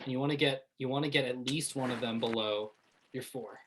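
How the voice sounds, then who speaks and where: A woman running a tabletop game as game master, laughing often and reacting with quick asides. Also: a bass voice, background noise.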